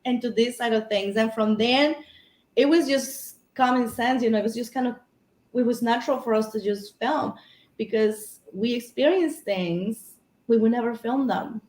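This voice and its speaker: A woman's voice: fairly high pitch, moderate pace, darkish tone. Echoey rambling woman storyteller. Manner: rambling, storytelling with many fillers and restarts. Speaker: guest paranormal investigator. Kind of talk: casual podcast chat.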